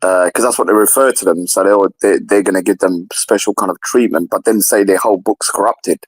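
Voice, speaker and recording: A man in casual political chat, animated and repetitive, often acting out others in a higher voice. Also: a little fast, husky, no room sound, low-quality recording. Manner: animated, repeats himself, mimics others in a higher voice. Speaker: podcast co-host.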